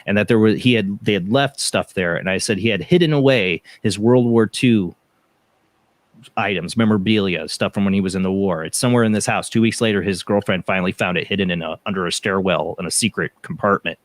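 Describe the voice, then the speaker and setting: A man's voice: lowish voice, brisk, no room sound. A man hosting a paranormal radio show, telling stories in casual rambling chat with many restarts. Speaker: podcast host.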